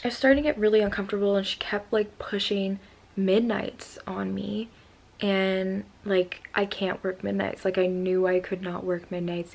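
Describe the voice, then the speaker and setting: A vlogger in her twenties tells a storytime video casually and ramblingly, still upset after crying. Her mid-range voice has a darkish tone, and she fills her speech with lots of "like."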